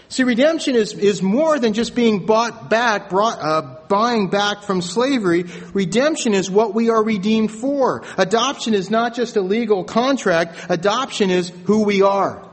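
Speaking at a measured pace with a high voice and barely any pauses, a pastor preaches in a church sanctuary, telling stories conversationally and frequently restarting. The stage microphone and sound booth capture a long church reverb.

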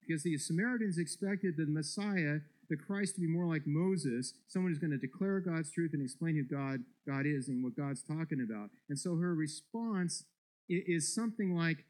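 Male preacher, fairly high voice, emphatic sermon delivery with repeated words. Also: moderate pace, a little mellow, low-quality recording. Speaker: pastor.

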